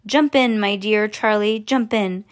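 A woman's voice: mid-range voice, unhurried, natural voice. A woman reading aloud and voicing an eccentric, cheerful male chocolate-factory owner who talks in a bubbly, fussy rush. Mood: bustling.

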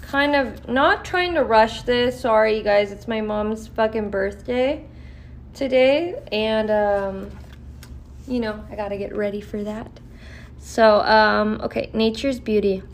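A woman's voice: fairly high pitch, slow pace, a little hiss or hum. A woman vlogger talking candidly with lots of swearing and fillers, reading aloud from a list now and then. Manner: profane, candid, filler-heavy. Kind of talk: casual talk mixed with reading aloud.

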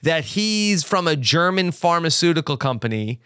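Laughing podcast host with a smooth voice. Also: male voice, fairly high pitch, very animated, bright, forceful tone, dry recording, clean studio sound. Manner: jokey, laughing, halting with fillers. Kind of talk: casual recap chat.

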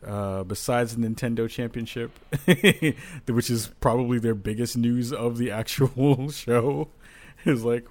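A man's voice: medium pitch, measured pace, darkish tone. A man hosting a casual podcast, joking around and calling on panelists. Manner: joking, loose moderator. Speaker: podcast host.

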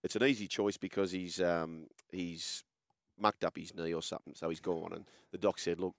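An Australian man hosting a sports chat, telling stories in a relaxed, animated way. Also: sits low, normal speed, gravelly, no echo, studio quality. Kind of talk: casual chat, storytelling.

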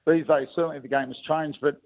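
A man's voice: a little high, fairly even intonation, quick pace. A middle-aged Australian man, a former rugby league player, chatting matily as a phone-in guest on the radio. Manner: matey, calls everyone "mate", reminiscing. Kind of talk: casual radio chat over the phone. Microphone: telephone. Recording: tinny phone line.

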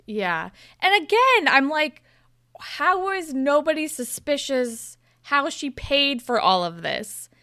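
A woman's voice: sits high, big pitch swings, slow, pushed and bright, no echo, clean studio sound. A young woman co-hosting a casual podcast, recapping a TV episode in a candid, chatty way and swearing freely. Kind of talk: casual chat.

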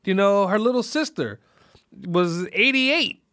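A man's voice: sits high, animated, a little slow, pushed and bright, smooth, dry recording, clean studio sound. A man hosting a podcast who rambles through a casual, reflective monologue, often restarting his sentences. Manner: rambling, full of "you know" and restarts. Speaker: podcast host.

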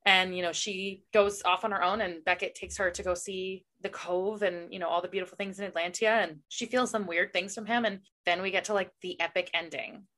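A young woman with a bright, clear tone chats casually as a book podcast co-host. She retells the story loosely, sprinkling in "like" and "you know" as she goes. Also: fairly low pitch, fairly even intonation, fairly quick, hardly any pauses. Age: young adult. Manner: chatty, retells plot with many "like"s and "you know"s.

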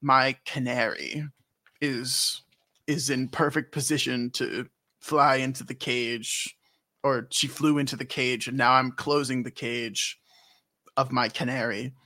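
A man's voice: mid-range voice, steady tone, a little slow, sharp tone, pitched below the performer's own voice. A man putting on a scheming theatrical male villain who gloats and ends with an evil laugh. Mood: gloating.

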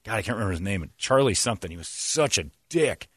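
A man's voice: lowish voice, lively intonation, quick pace, husky, no room sound, clean studio sound. A man in casual sports talk, ranting bluntly and acting out what others said. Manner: blunt, ranting, acts out quotes in put-on voices.

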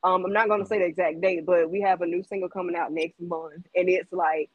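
A woman's voice: lowish voice, level tone, brisk, highs cut off. A Southern-accented woman singer talks in a chatty, upbeat way, full of "um" and "like". The sound is dry and close, with no room echo around her voice. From Jackson, Mississippi. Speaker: guest singer in an R&B group. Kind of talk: casual interview chat.

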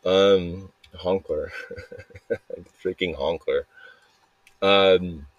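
Low, hoarse man rambling in a dry room. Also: drawn-out words, dry recording, lo-fi sound. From Arizona. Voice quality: slightly hoarse from yelling. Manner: rambling, restless, jokey, many restarts. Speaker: podcast host. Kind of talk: rambling solo voice memo.

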